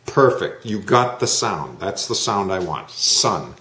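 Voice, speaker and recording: Slow, patient male English teacher. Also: deep voice, very animated, bright, forceful tone, echoey room, slight background noise. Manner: slow, patient, drawn-out modelling of sounds. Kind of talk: online one-to-one lesson.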